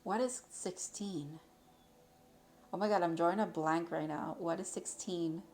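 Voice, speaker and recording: Young woman, tarot reader, rambling and chatty, lower voice, faint hiss behind. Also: a little slow, darkish tone. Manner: chatty, rambling, with frequent fillers and self-corrections. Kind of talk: casual tarot reading to camera.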